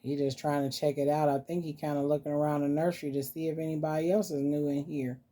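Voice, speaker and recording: A woman hosting a casual vlog, talking softly and playfully to her dolls as if they were children. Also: low-pitched, little pitch movement, fast. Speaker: doll collector vlogger. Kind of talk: casual doll-play vlog.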